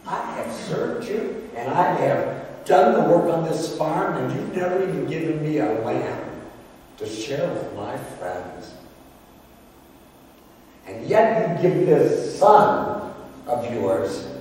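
A pastor voicing a resentful older brother, a grown farm son who speaks with indignant emphasis. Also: male voice, fairly high pitch, expressive, slow pace, darkish tone, slight background noise. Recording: echoey hall from far off.

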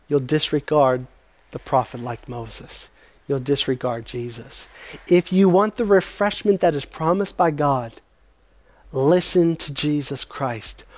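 A male pastor preaching a sermon with emphatic rises and slowed, weighty phrases. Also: a little high, a little mellow, no echo.

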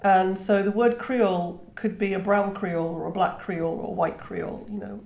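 A woman's voice: medium pitch, moderate pace, darkish tone. A woman in her fifties from Trinidad who speaks British English, talking reflectively as a guest author in an interview, with many restarts. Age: 50s. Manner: reflective, frequent "you know" and restarts. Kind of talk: conversational interview. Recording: roomy echo.

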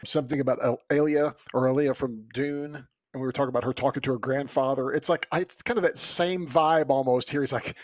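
A man's voice: mid-range voice, fairly even intonation, brisk, hardly any pauses, dry recording, studio quality. A man co-hosting a book podcast, chatting casually and laughing easily. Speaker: podcast co-host.

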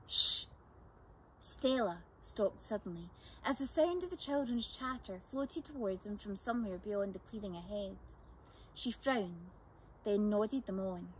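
Expressive woman reading a children's book. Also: mid-range voice, unhurried, slight background noise. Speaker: storyteller. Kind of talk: children's book read-aloud.

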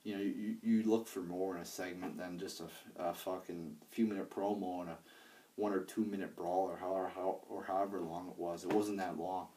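A man's voice: low voice, level tone, fairly quick, mellow, recorded from a distance, slight background noise. A young man casually reviewing a wrestling show, rambling and profane, with lots of fillers and restarts. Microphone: handheld iPad.

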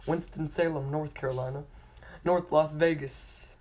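A channel host slowly reading out a long list of place names, stumbling on hard ones, retrying them and apologizing for mispronouncing. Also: medium pitch, fairly even intonation, a little mellow. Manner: apologetic about pronunciation.

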